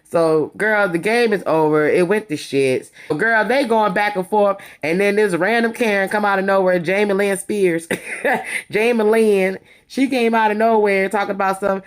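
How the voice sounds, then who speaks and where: A woman's voice: mid-range voice, normal speed. Gossipy woman recapping reality TV. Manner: gossipy, animated, acts out quotes with laughs. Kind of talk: casual episode recap.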